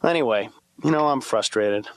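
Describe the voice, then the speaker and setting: A man's voice: mid-range voice, normal speed, dry recording. A male comedian giving a nervous, sarcastic stand-up monologue as a therapy patient.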